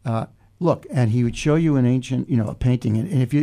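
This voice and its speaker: A man's voice: medium pitch, quick pace, dark tone. An older man hosting a casual talk show, telling a reflective story in a meandering way with many restarts. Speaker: podcast host.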